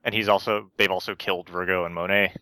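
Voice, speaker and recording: A man co-hosting a casual chat, throwing in quick dry quips. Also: sits low, level tone, pushed and bright, no echo. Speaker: podcast co-host.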